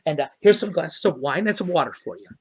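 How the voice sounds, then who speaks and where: A man's voice: a little high, animated, quick pace, slight background noise, close to an everyday voice. A man voicing a cheerful, hospitable male gnome who talks eagerly and stammers over his words.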